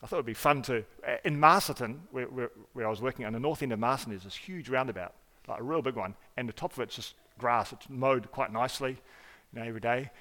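A man preaching a sermon as pastor, earnest and emphatic, often restarting words and swinging between loud stresses and quiet asides. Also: mid-range voice, quick pace. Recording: hall reverb.

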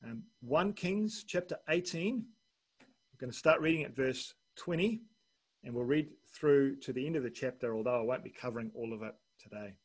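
A man's voice: medium pitch, moderate pace, a little mellow, breathy edge. A man preaching a sermon, reading a long scripture passage aloud and lifting his voice for the quoted speech.

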